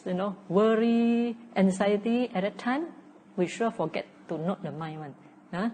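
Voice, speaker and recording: A Malaysian woman in her sixties gives a dharma talk in a warm, mellow voice. She teaches patiently, circling back over each point and checking in with little "huh?" and "okay?" asides. A faint background noise sits under her speech. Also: mid-range voice, unhurried, poor audio. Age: 60s. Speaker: meditation teacher.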